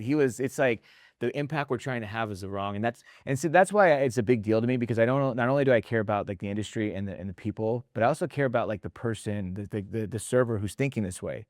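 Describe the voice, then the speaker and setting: A man talking casually in a podcast conversation, telling animated stories, acting out quotes and tagging his points with "right?", with some mild swearing. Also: medium pitch, fast talker, no echo, studio quality. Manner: animated storyteller, acts out quotes, tags lines with "right?". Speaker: restaurant leadership founder and host.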